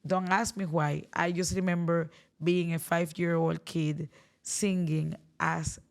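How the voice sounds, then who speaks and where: A woman from Cuba with a Cuban Spanish accent talks as a guest singer, slow and unhurried, hunting for her words. Her voice is gravelly and sleepy, sitting a little low. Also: flat delivery. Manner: thoughtful, searching for words. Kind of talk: casual interview chat.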